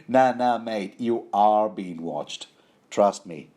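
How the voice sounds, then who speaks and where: A man's voice: fairly low pitch, takes it slowly, warm tone. A man voicing a sly, scheming male spymaster who teases and drawls while reading from a book. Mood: teasing.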